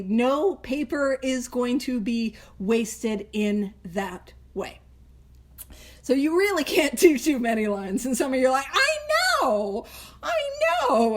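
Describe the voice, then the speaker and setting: A woman hosting a recovery book study, teaching in a chatty, casual way, laughing often and wandering into tangents. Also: on the high side.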